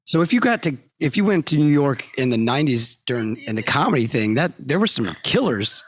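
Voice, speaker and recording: A man hosts a casual podcast chat, asking relaxed follow-up questions. He breaks in with short, keen reactions, his voice sitting at an average pitch for a man. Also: fairly quick. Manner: brief eager interjections and follow-up questions. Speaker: podcast host.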